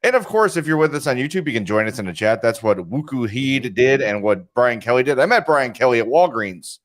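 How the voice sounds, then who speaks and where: A man's voice: mid-range voice, animated, a little fast. Chatty man rambling through podcast plugs. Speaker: podcast co-host. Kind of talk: casual podcast chat. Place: studio with video cameras.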